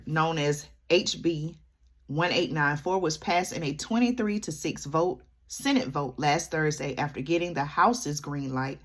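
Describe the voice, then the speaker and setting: A woman, commenting to camera and keeping up a running chat with her viewers, checking in with them often. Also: low voice. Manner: chatty, keeps addressing viewers with "y'all" and "okay?". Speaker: vlogger.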